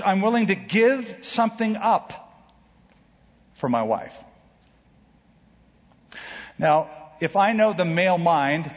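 A man preaching a sermon as pastor, emphatic, with dramatic pauses and big swings in pitch. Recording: dull reverberant hall recording.

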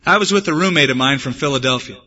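Bright-voiced American pastor preaching. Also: male voice, mid-range voice, fast talker. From United States. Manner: earnest preaching mixed with humorous personal stories. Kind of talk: sermon. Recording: dull, echoey church hall recording.

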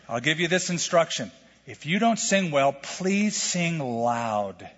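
A middle-aged male pastor preaching a sermon in a lively, conversational way, full of questions to the congregation. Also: on the high side, unhurried. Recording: lo-fi sermon recording with long hall reverb.

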